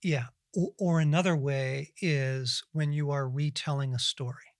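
A middle-aged man hosting a Christian podcast, talking earnestly and reflectively in casual conversational teaching, with lively bursts and frequent restarts. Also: fairly high pitch, unhurried, no room sound, studio quality. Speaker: podcast host and Christian author.

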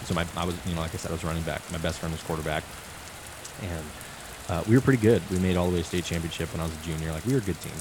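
A deep-voiced man in his late twenties tells stories in rapid-fire, rambling casual chat, leaning constantly on "like." Rain noise is loud in the background.

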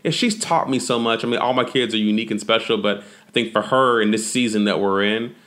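A man in casual conversation, talking reflectively about family and fatherhood, often halting and restarting. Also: on the low side, fairly bright tone.

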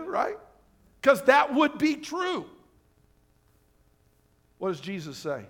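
A man preaching a sermon as pastor. He talks animatedly, asks the congregation rhetorical questions, and swings between loud emphasis and quiet asides. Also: extremely high pitch, wildly swooping pitch, slow, pauses often. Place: church sanctuary.

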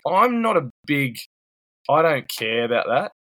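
A man's voice: on the high side, big pitch swings, measured pace, sharp tone, no room sound. A man co-hosting a casual podcast over a video call, blunt, sweary and rambling. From New Zealand. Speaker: podcast co-host. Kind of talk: casual banter.

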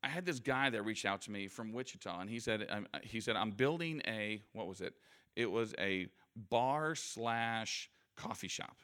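Low-voiced man telling stories to an audience. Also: normal speed, bright, forceful tone, smooth. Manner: conversational, self-deprecating storyteller. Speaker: guest speaker. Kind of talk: anecdotal motivational talk. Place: in front of a live audience.

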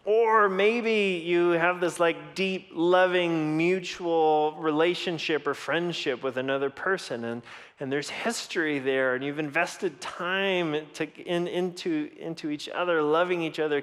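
Storytelling pastor in a reverberant hall. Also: male voice, fairly high pitch. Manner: conversational storytelling, animated in quoted lines. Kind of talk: sermon.

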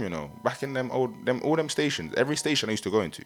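Fast-talking man saying innit. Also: medium pitch, animated, fairly bright tone. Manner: laid-back, tags nearly every phrase with "innit". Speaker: musician and guest. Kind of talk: casual interview chat.

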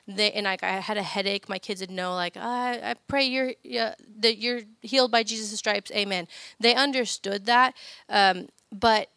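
A woman's voice: mid-range voice, fairly bright tone, clean tone, no room sound. A woman in her thirties giving a chatty faith talk about family prayer, full of personal stories and fillers. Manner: chatty storytelling, many fillers.

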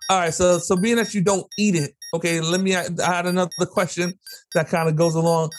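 A man co-hosting a podcast, running a quick quiz game in a playful, joking way and laughing often. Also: sits high, little pitch movement, soft background music. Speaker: podcast co-host. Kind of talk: casual chat, quiz game.

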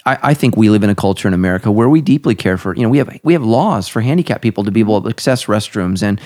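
A man's voice: lowish voice, lively intonation, very fast, darkish tone. A middle-aged man, a pastor hosting a podcast, talking casually and emphatically, his voice jumping up to stress points.

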